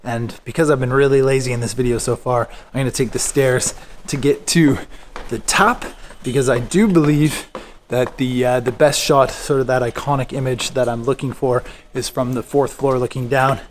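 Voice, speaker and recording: A man casually narrating a photography vlog as he walks through a quiet indoor stairwell, with relaxed talk and plenty of fillers. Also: mid-range voice, moderate pace, slight background noise. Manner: relaxed, chatty, many fillers. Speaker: photography vlogger. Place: large indoor stairwell of a public building.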